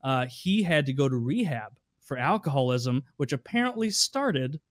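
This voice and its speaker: A man's voice: medium pitch, big pitch swings, normal speed, no echo, clean studio sound. Profane man telling wry stories. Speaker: podcast regular. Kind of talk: casual storytelling.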